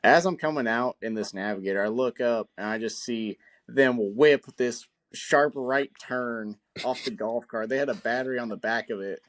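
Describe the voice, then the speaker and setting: Man, podcast co-host, amused, laughing while telling, mid-pitched. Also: moderate pace, hardly any pauses, no echo. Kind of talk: casual storytelling chat.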